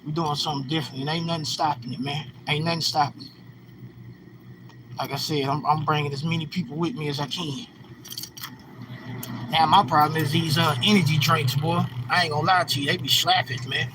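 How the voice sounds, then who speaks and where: A man's voice: on the high side, recorded from a distance. A man around forty from California, chatting to viewers on a livestream in a slangy, preachy way. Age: 40s. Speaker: livestream host. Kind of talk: casual livestream chat. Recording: phone mic held off, street noise.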